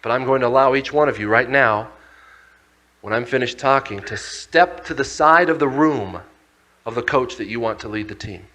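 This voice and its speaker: A man voicing a gentle, grave heavenly father who speaks softly and solemnly to his children. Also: on the high side, sing-song, exaggerated voice, low-quality recording. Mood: tender. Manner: soft, slow and solemn.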